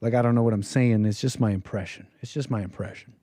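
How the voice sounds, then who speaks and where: With a lowish, mellow voice and a fast delivery, a man running a call-in show reads text aloud and reacts with mocking disbelief in a casual tone. He chuckles a lot. The studio sound is clean, with no echo.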